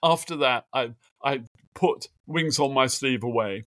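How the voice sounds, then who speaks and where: A middle-aged guest biographer talks a little slowly in a mid-range voice, free of echo, during a remote interview at his home office desk. He recounts animated anecdotes, acting out quotes and using lots of filler words.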